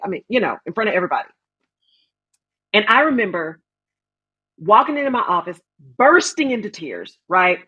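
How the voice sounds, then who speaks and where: Texan woman host, breathy voice on muffled audio, chatty storyteller. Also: mid-range voice, animated, fairly quick, fairly bright tone. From Texas. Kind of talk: casual interview talk, storytelling. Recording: dull lo-fi audio.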